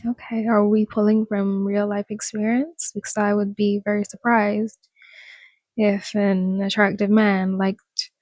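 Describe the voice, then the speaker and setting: A woman's voice: mid-range voice, flat delivery, unhurried, darkish tone, no room sound. A woman vlogger in casual commentary, reading an article aloud and mocking it, laughing often and talking to her viewers.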